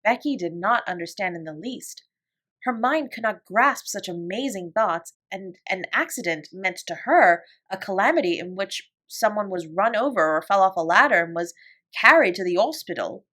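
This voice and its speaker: A woman narrating a classic children's novel as a bedtime story, in an expressive storytelling voice. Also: medium pitch, moderate pace. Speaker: audiobook reader.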